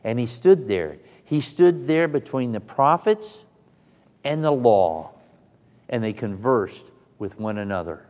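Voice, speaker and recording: A man's voice: on the low side, darkish tone. A male preacher delivers his sermon unhurriedly, leaning hard on key phrases and stepping into the first person to retell the story. His voice rings out in a big hall with a long reverb trailing every line.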